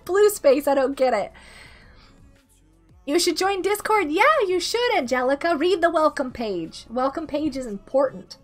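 A woman in her thirties, sick with a rough throat, chatting casually and giggling as she greets viewers during a game stream. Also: high-pitched, lively intonation, unhurried. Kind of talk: casual live-stream chat while gaming. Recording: faint music behind the voice.

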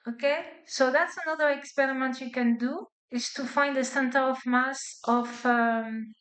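At a moderate pace and with a steady, fairly bright tone, a woman with a high voice delivers a physics lecture in non-native-accented English. She proceeds step by step, punctuating with frequent "okay?" and "right?" checks for her class. Echo from the hall is audible.

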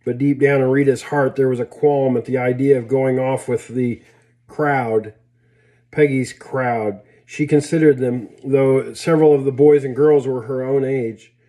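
A man reading a story aloud in a plain, unhurried way with small slips and restarts. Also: mid-range voice, steady tone, mellow. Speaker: reader.

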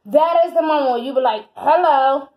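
A woman with a high voice reads tarot cards in a loose, casual monologue. She is animated and chatty, swears freely and calls the listener honey and baby. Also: fast talker, rough recording. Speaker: tarot reader.

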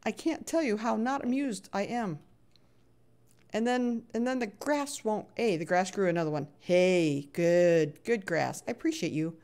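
A woman's voice: medium pitch, a little slow, darkish tone. A middle-aged woman streaming a block-building game, chatting casually, reading chat aloud and sounding playfully exasperated.

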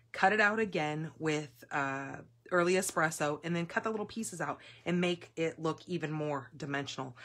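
A woman hosting a live papercraft class, chatting in a gushing, excitable way with fillers as she works at a table in her home craft room. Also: on the low side. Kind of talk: casual live craft demonstration.

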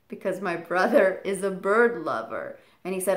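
A woman vlogger telling a story straight to her viewers in an animated way. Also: on the low side, normal speed, hardly any pauses. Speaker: parrot channel vlogger. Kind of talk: storytelling to camera. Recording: echoey room.

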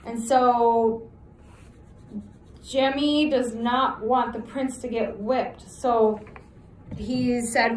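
A woman teacher reading a novel aloud to her class, steady and pausing to check in with listeners. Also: on the high side, echoey room, a little hiss or hum, poor audio.

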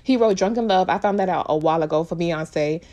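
A woman's voice: fairly low pitch, fairly quick, dark tone. A woman giving casual, opinionated live reaction commentary on an awards show, chatty and full of slang.

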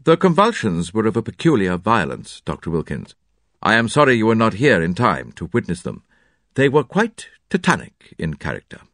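Grave bearded doctor, read by a male narrator, formal and lowish, dry sound. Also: huge pitch swings, fairly bright tone, no echo, full character voice. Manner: measured and formal.

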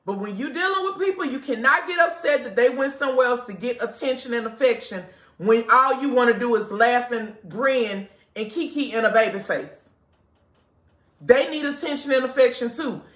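A woman who owns a lingerie store, doing a casual live product pitch to her customers, blunt, profane and preachy. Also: lively intonation, moderate pace, fairly bright tone, echoey room. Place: inside her shop.

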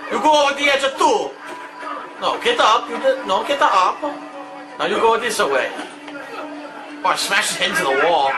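A man giving loud, excitable and crude commentary while playing video games. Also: high-pitched, normal speed, long pauses, music in the background. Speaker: gameplay commentator. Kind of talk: crude live gameplay commentary.

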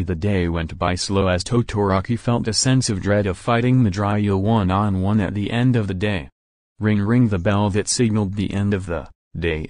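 A man reads a fan story aloud in a steady, plain voice. His voice sits low. The recording is dry, with no room sound. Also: dry recording. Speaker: story narrator.

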